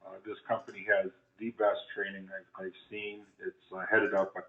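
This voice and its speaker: Male phone recruiter, very deep, monotone, phone-quality audio. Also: a little fast. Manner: hesitant, filler-heavy. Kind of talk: sales phone call. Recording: tinny phone line in an echoey room.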